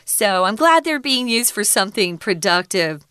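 Female English teacher, casual lesson, clear resonant tone, unhurried explanations. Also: medium pitch, very animated, sharp tone, dry recording, clean studio sound. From Arizona, USA. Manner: explains words slowly, chatty asides. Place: lives in Taiwan.

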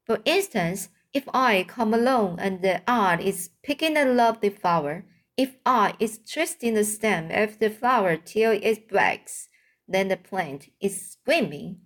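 A kindly giant who speaks in slow, earnest, broken grammar, voiced by a woman reading a storybook aloud. His voice sits at an ordinary middle pitch and unhurried pace. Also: animated, a bit bright.

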